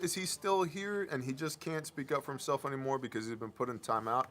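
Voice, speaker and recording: A man with a bright, forward voice hosts a casual live stream. He reads headlines aloud and then riffs on them in a loose, sarcastic way. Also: medium pitch, a little fast, slight background noise. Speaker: host of a live news-commentary stream.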